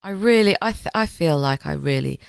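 A woman's voice: deep voice, expressive, brisk, gravelly, clean tone, no echo. A woman co-hosting a podcast, chatting casually and jokily as she recaps a TV episode, rambling and swearing. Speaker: podcast co-host. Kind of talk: casual chat recapping a TV show.

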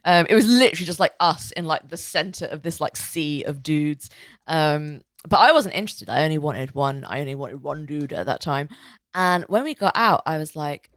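A young woman with a notably low voice tells a story in casual podcast chat. She rambles and restarts, dotting her sentences with fillers. The sound is dry and close. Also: expressive, moderate pace, dry recording. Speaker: podcast co-host.

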